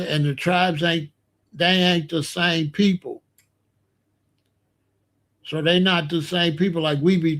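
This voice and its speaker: A man hosting a podcast, telling a story in a casual, animated and slangy way. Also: fairly high pitch. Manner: animated, slangy, explains with gestures. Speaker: podcast host.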